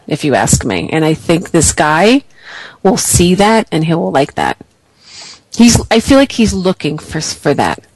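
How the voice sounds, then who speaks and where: A woman's voice: on the low side, dry recording, rough recording. A woman psychic reader giving an encouraging intuitive reading to a caller, full of "you know" fillers.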